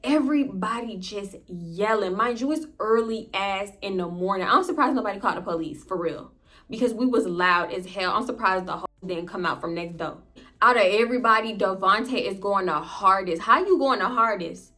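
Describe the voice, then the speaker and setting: A woman in her twenties telling a dramatic personal story to her viewers in an animated, profane way. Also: mid-range voice, normal speed. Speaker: vlogger. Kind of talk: storytime narration.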